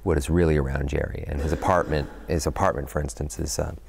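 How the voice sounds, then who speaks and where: A middle-aged actor being interviewed about his film, talking thoughtfully and often pausing to search for words with "you know". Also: a bass voice, fairly even intonation, creaky, slight background noise. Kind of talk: press junket interview.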